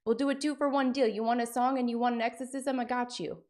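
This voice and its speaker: Brash male monk, salesy and boastful, pitched up and rushed as a woman puts him on. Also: fairly even intonation, darkish tone, natural voice. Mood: hustling.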